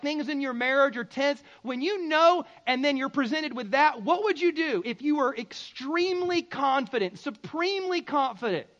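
High-voiced man preaching emphatically. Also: dull audio. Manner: emphatic and conversational, with sudden loud bursts. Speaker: pastor. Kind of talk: sermon.

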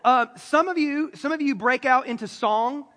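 A man's voice: extremely high pitch, normal speed, a bit bright, in a large hall. A man preaching a sermon, joking with the congregation and talking straight to them. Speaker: pastor. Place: church sanctuary.

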